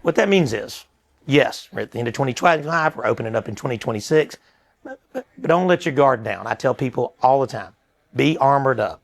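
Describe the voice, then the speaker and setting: A man's voice: medium pitch, animated, fairly quick, creaky. A man, a store co-owner giving an earnest, chatty promotional talk that quotes scripture.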